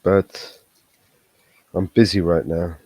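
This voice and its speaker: A laid-back man trading quips on a livestream panel. His voice sits a little low, and the sound is dry and close. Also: level tone, takes it slowly, a little mellow, no echo. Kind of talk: casual livestream banter.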